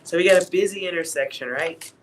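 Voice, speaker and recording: A man's voice: sits high, fast talker, slight background noise, poor audio. A man giving a casual, blunt tarot reading to his viewers, laughing at himself and swearing now and then. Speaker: tarot reader.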